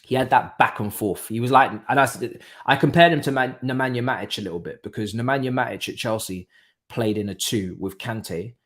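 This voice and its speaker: A man's voice: medium pitch, a little fast. Man hosting a live watchalong. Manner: casual, bursts into excited exclamations at goals. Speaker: watchalong host. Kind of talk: live match watchalong commentary.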